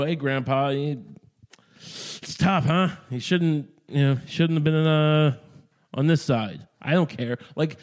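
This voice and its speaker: Brief: man, podcast host, meandering comic rant, swears often, mellow tone. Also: mid-range voice. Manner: profane, meandering, self-interrupting. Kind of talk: rambling comedic monologue.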